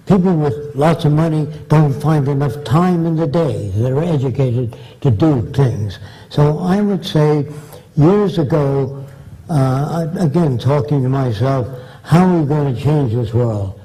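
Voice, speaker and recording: A man's voice: a little high, mellow, low-quality recording. An older man answering audience questions with long, blunt, rambling anecdotes, acting out the people he quotes. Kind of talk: anecdotal storytelling in a Q&A.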